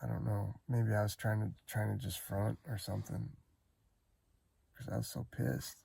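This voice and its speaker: A man with a deep, gravelly voice talks things through in a casual vlog from inside his van. His tone is husky and mellow, and he rambles and hesitates, circling back with regret over what happened. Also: little pitch movement, normal speed. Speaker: van-dwelling vlogger. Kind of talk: casual spoken recollection.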